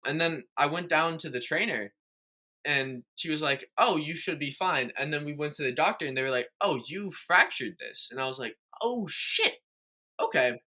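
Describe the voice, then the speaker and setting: Young man, podcast host, bright forceful voice, rambling, fillers and restarts. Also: on the high side, normal speed. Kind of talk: casual chat.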